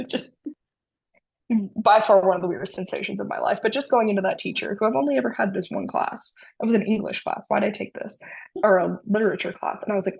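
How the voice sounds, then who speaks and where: Gravelly woman telling dry-humored stories. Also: medium pitch, fast. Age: 30s. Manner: dry humor, animated retelling. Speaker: guest. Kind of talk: casual storytelling.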